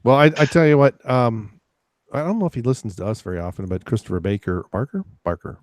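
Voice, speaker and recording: A man's voice: medium pitch, animated, fast, no echo. Casting note: male podcast host, casual and rambling, lots of ums and restarts, dry close sound. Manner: rambling, many fillers and restarts, laughs often. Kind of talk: casual chat.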